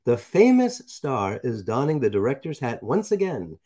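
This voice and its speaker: A man's voice: mid-range voice, wildly swooping pitch, moderate pace, warm tone. A man from New York hosting casual commentary, reading articles aloud and sarcastically nitpicking their grammar and pronunciation. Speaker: commentary host.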